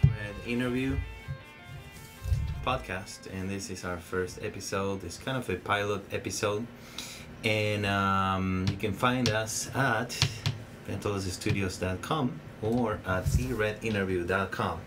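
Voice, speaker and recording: Hesitant low-voiced male podcast host. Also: unhurried, over music. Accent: Spanish. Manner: hesitant, many fillers and restarts. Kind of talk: casual interview chat.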